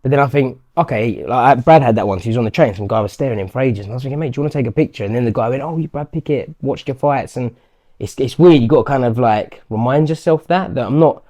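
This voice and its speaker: A man's voice: mid-range voice, quick pace, mellow. A man, a professional fighter, chatting casually in an interview and acting out what strangers say to him. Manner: chatty, acts out quotes of strangers. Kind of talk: casual chat.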